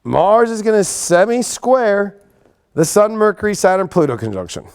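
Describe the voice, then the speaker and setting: Delivering his weekly astrology rundown at a moderate pace, this show host has a smooth, fairly high male voice. He gets worked up easily, swears without restraint, and alternates between booming hype and soft sincerity.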